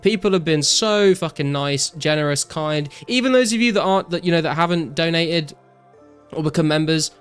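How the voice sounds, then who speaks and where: Excitable swearing British streamer man. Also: a little high, moderate pace, clean tone, faint music behind. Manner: excitable, swears a lot, thanks donors profusely. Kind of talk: casual live-stream chat.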